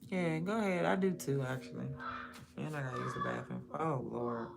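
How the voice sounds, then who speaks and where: A young woman talks on her livestream in a low, deep voice. Her voice has a gravelly fry. She rambles in a blunt, profane, casual way. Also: animated, fairly quick, heavy background noise. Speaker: livestream host.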